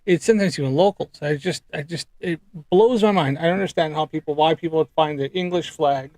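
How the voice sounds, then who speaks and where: A man chatting casually on a live stream, rambling with many ums and pauses while reacting to clips. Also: fairly high pitch, a little mellow, no room sound. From United Kingdom.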